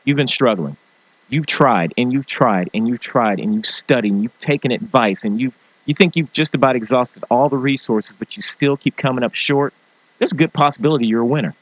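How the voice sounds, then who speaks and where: A male host giving a lively motivational rant, now and then slipping into silly voices to mimic people. His voice sits at a middle pitch. The recording is dull and lo-fi, with no room sound. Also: fairly quick, dry recording. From small-town farming family. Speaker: show host. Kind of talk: motivational talk show rant.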